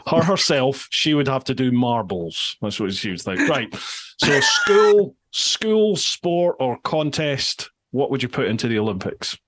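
A man hosting a podcast, speaking at an ordinary middle pitch. He asks questions in a casual way and keeps the chat going with short encouraging replies. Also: sing-song, measured pace, a bit bright. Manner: encouraging, frequent short backchannels. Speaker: podcast host. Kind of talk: casual interview.

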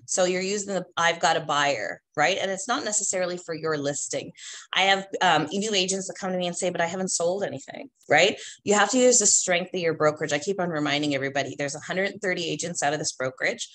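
A woman with a slightly low voice coaches real estate agents. She talks in a chatty, emphatic way and keeps checking in with "right?" after her points. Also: fast, fairly bright tone. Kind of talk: instructional talk to agents.

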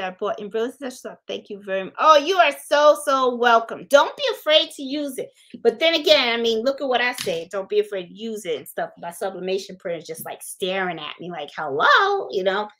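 A woman from Puerto Rico hosts a relaxed crafting livestream, her voice sitting a little on the high side. She chats freely, muses aloud over her designs and warmly calls out viewers by name. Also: fairly quick. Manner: chatty, thinks aloud, greets viewers by name. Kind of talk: casual live-stream chat.

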